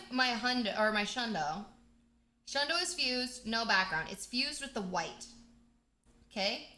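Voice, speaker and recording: A woman hosting a casual game livestream, chatty and bubbly with excited outbursts. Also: medium pitch. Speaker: livestream host. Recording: echoey room.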